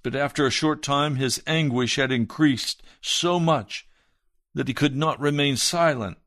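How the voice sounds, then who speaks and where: Captured in clean studio sound without any room noise, a man preaches as pastor. He reads aloud earnestly and with measure, letting his voice fall soft and low when he wants emphasis.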